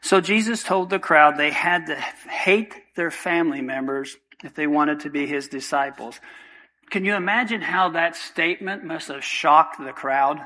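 Man, pastor, sermon, higher-pitched voice, emphatic, rhetorical questions. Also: unhurried, bright, forceful tone, rough recording.

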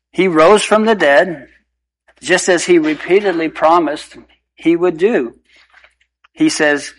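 A man preaches with earnest emphasis, his voice sitting a little higher than most men's. He slows down for key phrases and rushes others, pressing each point home. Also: fairly bright tone, poor audio. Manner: earnest, emphatic, shifting pace. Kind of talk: sermon.

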